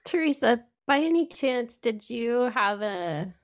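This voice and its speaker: A woman's voice: fairly high pitch, animated, measured pace, no room sound. A woman podcast host asking questions in a hesitant, searching way. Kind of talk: interview questions.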